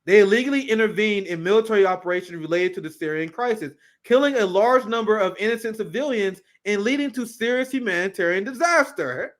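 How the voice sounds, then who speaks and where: High-voiced man ranting profanely. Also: a little fast, few pauses. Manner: profane, animated, laughs often; reads clips aloud while reacting. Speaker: political commentary host. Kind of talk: casual political commentary.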